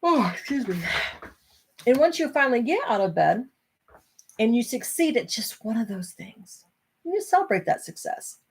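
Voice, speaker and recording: In a mid-range, creaky, slightly rough voice, a weary middle-aged woman rambles through a late live stream about her self-help book. Her casual talk is apologetic and punctuated by yawns.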